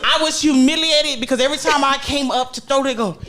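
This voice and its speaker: A young woman, a guest athlete, telling lively stories in a casual interview, laughing often and acting out what others said. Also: sits high, a little fast, a loud crowd. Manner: animated storyteller, laughs often, acts out quotes.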